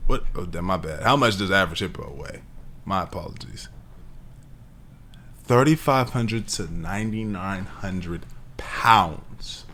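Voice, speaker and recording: A man reacting to a video in loose, rambling commentary. His pitch swings widely as he fires off disbelieving questions. He talks casually, stopping and restarting as thoughts hit him. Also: a little hiss or hum. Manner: animated, incredulous, rambling exclamations. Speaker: reaction streamer.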